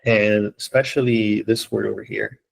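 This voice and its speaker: A man's voice: on the low side, fairly even intonation, moderate pace, gravelly, slight background noise, low-quality recording. A man teaching an online English class, explaining patiently step by step and often checking in with his students. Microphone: computer mic on a video call.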